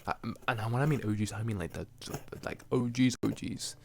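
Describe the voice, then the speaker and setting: Young male podcast host, low gravelly voice, loose filler-heavy rambling. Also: brisk, a little mellow. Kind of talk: casual rambling solo podcast.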